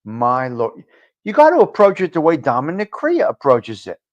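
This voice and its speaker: A New man holds forth on his live-stream talk show in a blunt, salty monologue. He drifts between low, muttered asides and sudden loud bursts. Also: huge pitch swings, moderate pace, muffled recording. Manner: blunt, profane, ranting, swings from low muttering to loud outbursts. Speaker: livestream talk show host.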